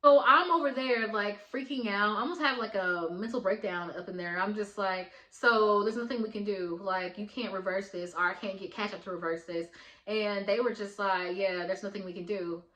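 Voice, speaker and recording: A young woman vlogger telling a storytime in a chatty, animated way, full of slang and the odd swear word. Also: mid-range voice, normal speed, roomy sound, poor audio. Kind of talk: storytime vlog.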